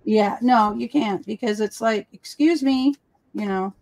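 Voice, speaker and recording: A woman chatting casually on a live stream, telling animated stories and acting out the voices of people she quotes. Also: medium pitch, moderate pace, gravelly. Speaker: co-host of a live crafting stream. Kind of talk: casual chat. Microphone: live stream call.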